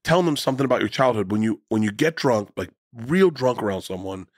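A man telling stories as a comedian guest on a podcast, animated and profane, often jumping into high excited voices for the people he quotes. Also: fast talker, no room sound, studio quality. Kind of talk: casual storytelling conversation.

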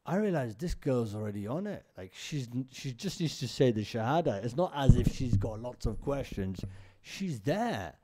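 A man's voice: mid-range voice, sing-song, normal speed, dark tone. A man giving an informal religious lesson, telling stories and often checking in with his listeners. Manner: conversational storyteller, often checks in with "right?". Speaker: religious teacher. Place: mosque.

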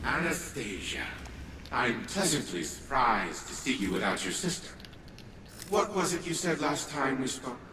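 A man's voice: medium pitch, very animated, measured pace. An actor playing a condescending elderly scientist who is the heroine's grandfather, speaking in a haughty, sneering game voice. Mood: scornful. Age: older. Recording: echoey hall reverb with noise.

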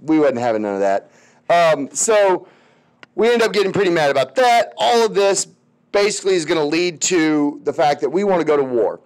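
A man with a high voice and a drawl teaching history in a loose, conversational way. He talks like he's chatting with students, full of slang. He keeps slipping into little voices for the people he quotes. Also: animated, moderate pace. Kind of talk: casual classroom lecture.

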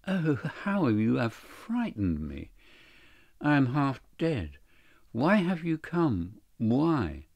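A man's voice: medium pitch, expressive, unhurried, vocal fry, a little mellow, no room sound. A man voicing a frightened young married woman in an audiobook, breathless and imploring. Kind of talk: audiobook character reading.

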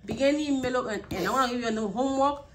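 A woman's voice: sits high, very fast, slight background noise. A young mother at home giving her child a patient, coaxing lesson and repeating praise.

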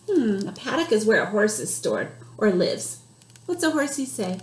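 A woman who works as a children's librarian, reading a picture book aloud with animated gasps and animal noises. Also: mid-range voice, moderate pace, reverberant, a little hiss or hum.

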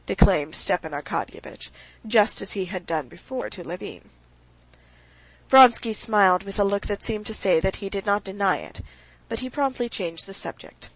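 A woman narrating an audiobook of a classic novel in a measured, even way. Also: medium pitch, no room sound, low-quality recording. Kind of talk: scripted narration.

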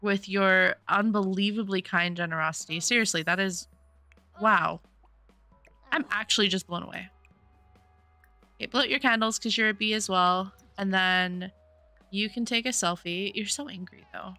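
A woman's voice: medium pitch, moderate pace, pauses often, bright, forceful tone, no echo, soft background music. A woman streaming a life-sim game, chatting casually and gushing with thanks to her chat. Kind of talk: casual gameplay commentary. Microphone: desktop USB microphone.

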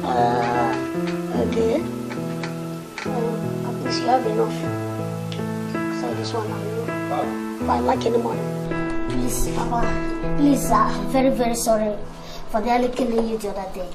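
A man's voice: extremely high pitch, expressive, unhurried, long pauses, full character voice. A man with a Nigerian accent playing a cheeky, scheming boy who pleads and wheedles. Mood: pleading. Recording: roomy echo with loud film music.

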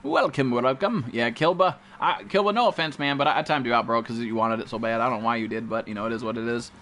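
A man's voice: medium pitch, quick pace, a bit bright, slight background noise. A young man streaming a video game, talking to his chat with brash, profane trash talk. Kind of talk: live gameplay commentary.

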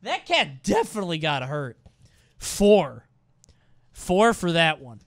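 A man streaming as he reacts to viewer clips and scores them, laughing often and swearing freely with loud exclamations. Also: fairly high pitch, big pitch swings, slow pace, no room sound, clean studio sound. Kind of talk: casual reaction commentary. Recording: background noise.

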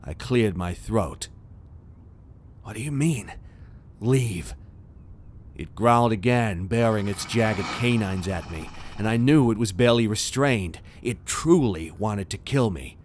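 A man's voice: on the low side, a little slow, few pauses, a little hiss or hum. A man reading a scripted first-person horror story in a tense, dramatic way. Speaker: narrator.

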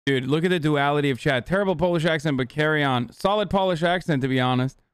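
A man streaming a casual reaction, talking in a profane, sarcastic, rapid-fire way into a close desk mic. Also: on the high side, clean tone, no room sound.

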